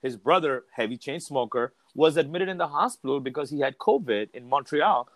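A man's voice: mid-range voice, expressive, fairly quick, dry recording. A man as a podcast guest in casual chat, telling stories candidly, swearing freely and restarting his sentences often.

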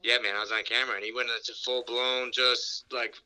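A man's voice: medium pitch, flat delivery, a little fast, bright, forceful tone, clean tone. A man on a phone call, casually telling a rambling story with laughs and backtracks. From New York. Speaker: phone-in guest. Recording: phone line.

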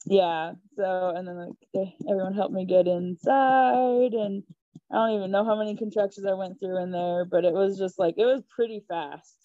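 A young woman tells a personal story as a podcast guest, chatty and quick to giggle. Her voice is mellow and warm, recorded dry and close with a slightly dull, lo-fi sound. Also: medium pitch, dry recording. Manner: chatty, giggly, animated retelling. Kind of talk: casual storytelling.

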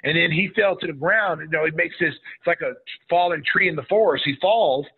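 A middle-aged former basketball player from Oklahoma tells a story as a guest in a casual interview, animatedly acting out what people said in a raised voice. His husky voice is a little high and fairly quick, and it comes through a tinny, phone-like line.

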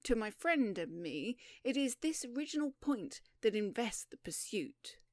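A woman voicing a gallant, self-assured young gentleman who speaks in a brisk, lofty and emphatic way. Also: a little high, very animated, no echo, clean studio sound.

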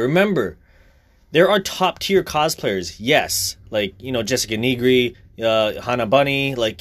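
A young man talking casually, blunt and profane, in a heated rant. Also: mid-range voice.

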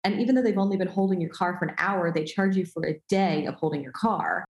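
A woman's voice: on the low side, fast talker, reverberant, low-quality recording. A woman telling a self-deprecating story in casual podcast chat, acting out the dialogue. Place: Los Angeles.

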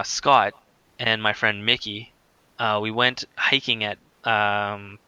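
A man's voice: mid-range voice, bright, forceful tone, clear, resonant tone, no echo. A man casually telling a personal story in a rambling way, full of "like"s and restarts. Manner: rambling, filler-heavy with many "like"s. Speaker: guest telling his story.

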